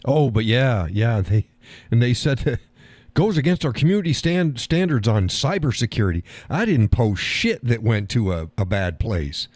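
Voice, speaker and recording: A man's voice: medium pitch, very animated, moderate pace, a little mellow, dry recording. A man hosting a live stream, chatting casually and reading comments from his chat, swearing easily and laughing often.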